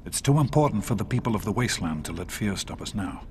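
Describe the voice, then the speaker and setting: A man's voice: fairly low pitch, expressive, quick pace, slight background noise. An actor playing a caring, determined scientist father in a video game, speaking earnestly. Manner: earnest, gently urgent.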